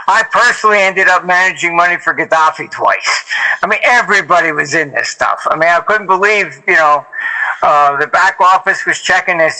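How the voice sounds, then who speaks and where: A man's voice: high voice, pushed and bright, low-quality recording. An older man, a former hedge fund manager, telling anecdotes as an interview guest in a rambling, casual way with many fillers and restarts.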